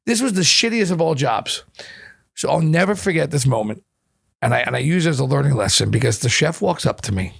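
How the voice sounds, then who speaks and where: A middle-aged man telling animated stories in an interview, profane and repeating words when he gets going. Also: on the high side, fairly quick, vocal fry, husky. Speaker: chef and guest. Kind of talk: storytelling interview chat.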